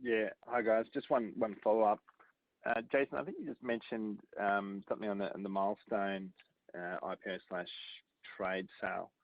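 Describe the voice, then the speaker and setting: Analyst guy phoning in a quick question, dry tinny line. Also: on the low side, fairly even intonation, no room sound. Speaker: analyst caller. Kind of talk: phone question on earnings call. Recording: phone-line audio.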